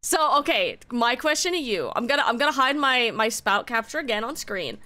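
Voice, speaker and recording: Woman streamer losing it laughing, high bright voice, swears a lot, talks in bursts. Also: lively intonation, brisk. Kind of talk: excited casual stream chat.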